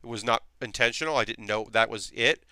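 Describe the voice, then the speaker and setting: A man's voice: mid-range voice, fairly quick, sharp tone, no echo, clean studio sound. A man chatting casually with his live chat while building costume armor in his workshop, rambling with lots of fillers. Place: home workshop.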